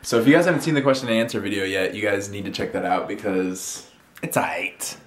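A man's voice: on the low side, brisk. A young man chatting and joking casually in a home vlog late at night. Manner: relaxed, joking. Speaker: vlogger. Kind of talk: casual chat.

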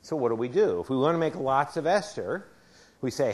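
A male chemistry professor lectures a university class in a lecture hall, keeping it conversational and chatty while quizzing students with questions. His mid-range voice has lively intonation and a darkish tone, and he speaks briskly.

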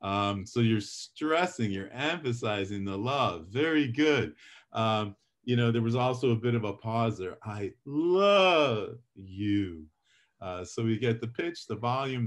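A middle-aged man teaching a public speaking class, lecturing with lively shifts in volume and pace to demonstrate his points. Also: lowish voice, a little slow. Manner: animated, varies volume and pace for effect.

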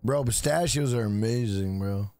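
A man streaming a game live, exhausted and mumbling, with lines that trail off low and get repeated over and over. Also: normal speed, darkish tone, no echo. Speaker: gaming streamer. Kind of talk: casual live-stream chat.

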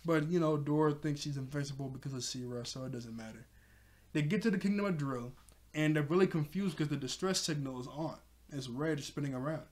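Casual rambling male reviewer, slightly high. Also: brisk, a little mellow. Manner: rambling, filler-heavy, chuckles often. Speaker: TV show reviewer. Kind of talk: casual episode recap.

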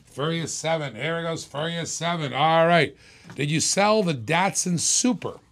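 Male auction host, live-stream sales patter, hyped and repetitive, slightly high, gravelly. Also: a little slow, fairly bright tone.

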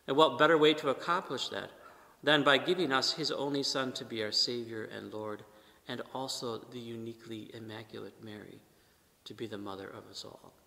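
A man preaching a sermon at Mass as a priest, measured, with emphatic rises and soft trailing endings. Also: mid-range voice, fairly even intonation, vocal fry. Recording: long church reverb.

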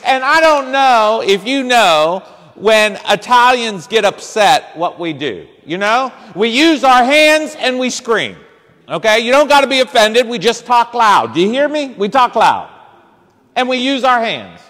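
A man's voice: very high-pitched, big pitch swings, unhurried, fairly bright tone. A man, a priest, telling a story in a sermon, acting out voices and throwing punchy asides to the congregation. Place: church. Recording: reverberant church hall.

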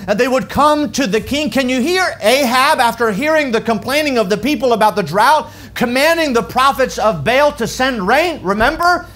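A pastor preaches to his church in a high voice that leaps and drops. He swings between loud, ringing calls and quiet, low lines, giving each point dramatic weight in the sanctuary. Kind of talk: sermon.

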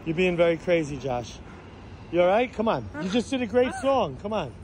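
Man, urgent coaxing street streamer, high animated voice, handheld phone, traffic noise. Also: normal speed. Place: city street outdoors. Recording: noisy outdoor street audio.

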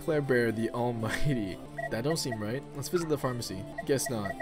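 A man's voice: mid-range voice, moderate pace, over music. A man playing a text adventure game, reading it aloud with casual, offhand remarks and the odd swear. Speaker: video game streamer.

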